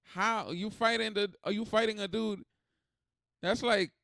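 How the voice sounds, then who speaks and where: A man hosting a reaction video, talking in a rambling, animated, swearing way. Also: high voice, unhurried, gravelly, dry recording, studio quality. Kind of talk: casual reaction commentary.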